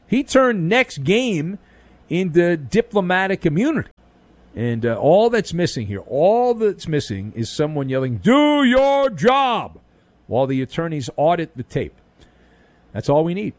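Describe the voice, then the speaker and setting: A man's voice: a little high, no room sound. A man hosting an overnight sports talk radio show, delivering a punchy, wisecracking monologue full of jokes. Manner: wisecracking, animated, punchy delivery with jokes and pop-culture riffs. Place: radio studio.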